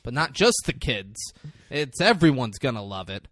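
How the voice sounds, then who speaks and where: A man's voice: mid-range voice, big pitch swings, normal speed, a bit bright, no echo, clean studio sound. A young man co-hosting a podcast, casually retelling a movie with lots of swearing. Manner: profane, storytelling, acts out quotes. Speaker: podcast co-host. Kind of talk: casual comedic movie recap.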